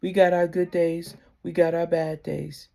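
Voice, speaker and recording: Gravelly, dark-voiced woman teaching from the heart. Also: lowish voice, flat delivery, unhurried. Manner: heartfelt and conversational, often dropping to a soft near-whisper. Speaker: spiritual practitioner giving advice. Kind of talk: casual spiritual teaching to camera.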